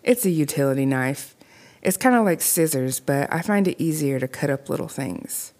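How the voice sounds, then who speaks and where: A woman's voice: low-pitched, animated, normal speed, a little mellow. A woman voicing a small, frightened girl in a horror story, speaking timidly with a trembling voice.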